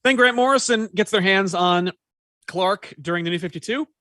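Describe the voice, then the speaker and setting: A man co-hosting a casual chat about comics, jokey and animated, often trailing off into asides. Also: sits high, normal speed, no room sound, clean studio sound. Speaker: comics podcast co-host.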